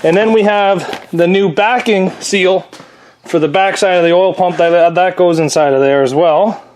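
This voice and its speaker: A man vlogging from his workshop, talking to himself and his viewers in a chatty, excitable way with jokes as he works. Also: high-pitched, normal speed. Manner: chatty, excitable, jokey self-talk. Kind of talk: casual workshop vlog. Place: garage workshop. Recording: noisy workshop.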